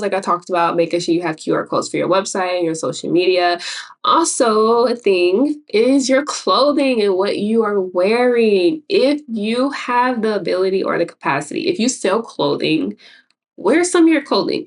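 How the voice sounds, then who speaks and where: A woman's voice: mid-range voice, far from the mic. A woman from Chicago with a Chicago accent, an artist and graphic designer giving casual, rambling tips in a vlog. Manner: chatty, rambling, self-interrupting with laughs.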